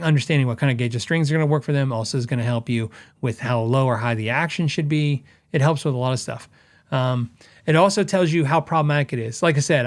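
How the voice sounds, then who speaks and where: Chatty man explaining guitar setups. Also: on the high side. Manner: conversational, self-correcting, quotes customers in asides. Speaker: podcast host; guitar repair tech. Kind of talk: casual podcast talk.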